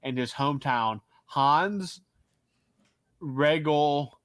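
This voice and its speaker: A man's voice: fairly high pitch, extremely slow, dry recording. Dry-sounding male podcast co-host. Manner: relaxed, rambling with fillers and restarts. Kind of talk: casual hockey chat. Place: Pittsburgh area.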